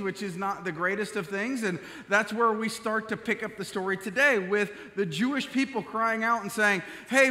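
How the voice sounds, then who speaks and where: A man preaching a sermon from a church pulpit, mixing casual asides with scripture reading, and building to loud, emphatic passages. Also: high voice, long reverb tail. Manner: prays softly, then preaches with rising force. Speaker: pastor. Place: church sanctuary.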